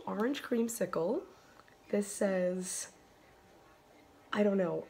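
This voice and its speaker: A woman vlogging casually to her phone by a bright window at home, chatting and gushing over yarn with breathy exclamations. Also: medium pitch, a little slow. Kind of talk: casual chat to camera. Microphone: phone camera.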